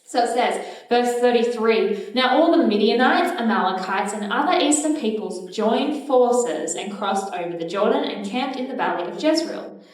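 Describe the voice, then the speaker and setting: A woman's voice: fairly high pitch, animated, moderate pace, far from the mic. Chatty woman teaching in an echoey hall. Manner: chatty, uses fillers, directs the group. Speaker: children's church teacher. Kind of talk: casual Bible storytelling and group recitation. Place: church hall.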